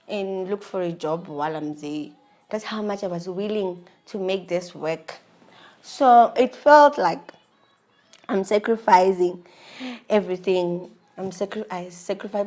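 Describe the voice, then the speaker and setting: A woman's voice: mid-range voice, a little mellow. A South African woman in her thirties, emotionally confiding a personal story with frequent restarts. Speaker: vlogger.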